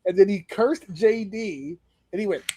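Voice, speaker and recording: A man's voice: sits high, unhurried, husky. A man co-hosting a podcast in casual chat, telling stories with lots of energy and plenty of swearing. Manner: animated storyteller, swears freely. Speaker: podcast co-host.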